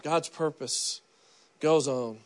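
High, lively preaching man. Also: slow pace. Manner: animated, conversational preaching with quoted asides; repeats words and restarts often. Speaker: pastor. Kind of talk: sermon.

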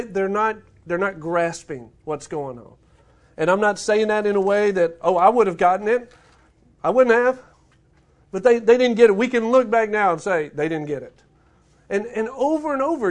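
A man preaches to his congregation in a notably high voice. He reads scripture, then talks it through earnestly, often doubling back on his words. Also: normal speed. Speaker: pastor. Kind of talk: sermon.

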